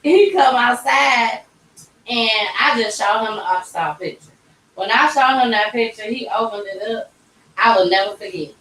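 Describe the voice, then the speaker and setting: Casual storyteller, a woman, lively and animated, recorded off-mic in a roomy space with faint background noise. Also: on the high side, moderate pace, recorded from a distance. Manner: animated, acts out quoted voices. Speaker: vlogger telling her story. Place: tattoo shop.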